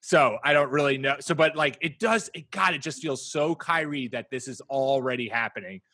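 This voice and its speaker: A man co-hosting a podcast, chatting casually about basketball, joking and breaking into quick bursts of excitement. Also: mid-range voice, no echo. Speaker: podcast co-host. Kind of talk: casual sports chat.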